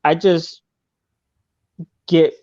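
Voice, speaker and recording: A man's voice: fairly high pitch, level tone, slow pace, a little mellow, dull audio. A man hosting a live podcast, talking loosely with frequent swearing and stumbling over his words. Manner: loose, swears often, self-consciously stumbling. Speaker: podcast host. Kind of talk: casual live-stream podcast chat.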